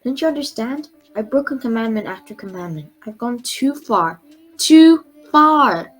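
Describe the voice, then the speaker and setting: A woman's voice: on the high side, lively intonation, moderate pace, slightly rough, rough recording. Woman reading as a tired remorseful man, weary pleading tone, storybook. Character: remorseful village man, tired and guilt-ridden.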